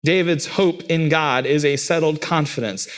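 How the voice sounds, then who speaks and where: A man's voice: on the high side, moderate pace. A pastor delivering a sermon, repeating phrases emphatically and lifting his voice on key words.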